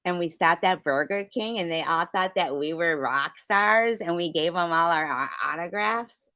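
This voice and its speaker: A woman's voice: lowish voice, moderate pace, pushed and bright, no room sound. A middle-aged woman hosting a livestream, telling stories in casual chat and answering viewers, laughing often and swearing freely. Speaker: livestream host. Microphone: computer mic on a livestream. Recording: dry, dull lo-fi stream audio.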